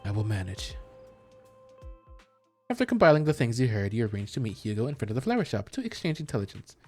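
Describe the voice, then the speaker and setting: A man's voice: medium pitch, sing-song, racing, darkish tone, soft background music. A man streaming a video game, casually commenting and reading the dialogue aloud. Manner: casual, playful, reads lines aloud.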